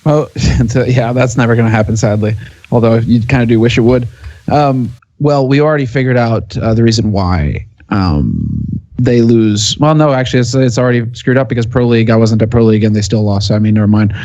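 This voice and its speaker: A male commentator guesting on a podcast talks quickly and loosely. His mic sounds dull and lo-fi, and completely dry. His delivery is laid-back and conversational. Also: mid-range voice, dark tone, no room sound. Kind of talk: casual chat.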